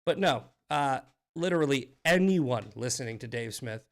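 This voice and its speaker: A man's voice: mid-range voice, animated, moderate pace. A man hosting a live political commentary stream, fired-up and profane, often restarting his sentences. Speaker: host.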